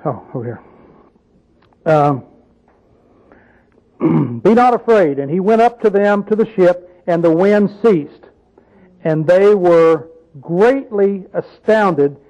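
High-voiced man teaching the Bible. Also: animated, slow pace, long pauses, a little mellow, muffled recording. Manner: conversational, asks the audience questions, tells folksy asides. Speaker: preacher.

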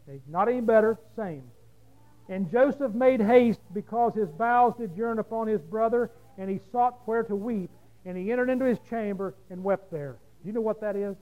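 A man with a high voice preaching a sermon. He reads scripture and then explains it, putting questions to his listeners. He moves between quiet, low stretches and loud, emphatic passages. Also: normal speed, highs cut off.

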